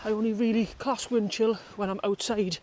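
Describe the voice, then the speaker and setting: A middle-aged woman with a Geordie accent rambles to the camera in a chatty, self-mocking way. Her voice has a middle pitch, and it echoes off the concrete walls of a roomy bunker, with faint wind ambience behind her. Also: steady tone, normal speed, darkish tone. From North East England. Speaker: outdoor vlogger. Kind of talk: casual chat to camera. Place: outdoors and in a concrete bunker on a windy hill.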